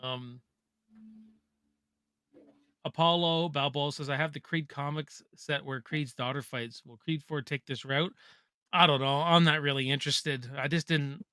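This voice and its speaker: This watch-party host, a Canadian man, casually reads viewers' chat questions aloud and cracks jokes. His high-ish voice is bright, forceful, clear and resonant, with fairly even intonation, a slightly slow pace and long pauses, in a studio-quality recording with no room sound.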